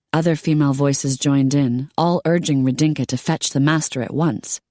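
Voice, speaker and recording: A woman narrating an audiobook in a steady storytelling manner. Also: low-pitched, normal speed, no room sound, clean studio sound. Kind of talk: scripted narration.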